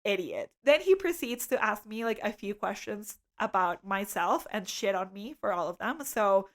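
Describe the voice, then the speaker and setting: A woman from Canada co-hosting a podcast, telling a story in a casual, animated way with lots of fillers and laughter. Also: mid-range voice, moderate pace. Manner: animated storytelling, frequent "like", laughs mid-sentence. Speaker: podcast co-host.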